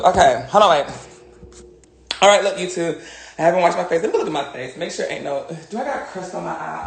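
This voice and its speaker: A young woman chatting casually to viewers on a phone livestream from her bedroom, nervous and excitable, squealing, laughing and cursing freely. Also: sits low, brisk, vocal fry. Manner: brash, profane banter with viewers. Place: bedroom at home. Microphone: phone camera.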